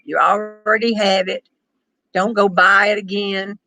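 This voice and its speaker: A woman's voice: medium pitch, steady tone, unhurried, a bit bright, dry recording, rough recording. Wry older woman chatting on a porch. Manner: chatty, wry, laughs easily. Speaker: storyteller host reading viewer questions. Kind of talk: casual chat with a friend. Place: outdoors on a back porch.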